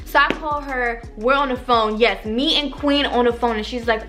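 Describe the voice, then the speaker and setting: A young woman vlogger telling a story in casual slang, animated and swearing freely to her viewers. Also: on the high side, normal speed, few pauses. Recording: faint background music.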